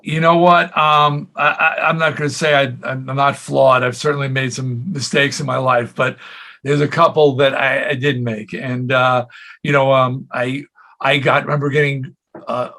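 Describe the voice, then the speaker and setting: A man in his sixties, a rock singer telling stories in a casual interview, slipping into quoted voices as he goes. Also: medium pitch. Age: 60s. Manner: animated storyteller, jumps into quoted voices.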